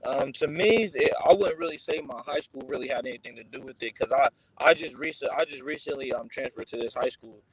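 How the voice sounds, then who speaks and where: A teenage boy answering interview questions in a laid-back, halting way, with many restarts. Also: medium pitch, rough recording. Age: teens. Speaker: guest, high school football recruit.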